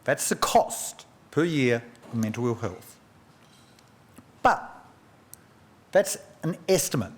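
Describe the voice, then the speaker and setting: A man's voice: mid-range voice, animated. Guy giving a formal speech at a podium, lecture-like, asks questions back at the room, voice swings up and down a lot. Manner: measured lecturing with rhetorical questions and anecdotes. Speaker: economist giving a memorial oration. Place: large function room at a press club.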